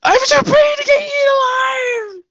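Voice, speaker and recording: A woman voicing a vain, panicking male pilot held captive, shouting indignantly in a tabletop game. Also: very high-pitched, moderate pace, gravelly, no room sound, lo-fi sound, voice pushed up, heavily acted. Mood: hysterical.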